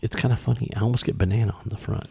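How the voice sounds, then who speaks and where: A middle-aged man hosting a casual bourbon tasting podcast, rambling and animated with many fillers and restarts. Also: mid-range voice, very fast, creaky, breathy edge, no room sound. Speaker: podcast host.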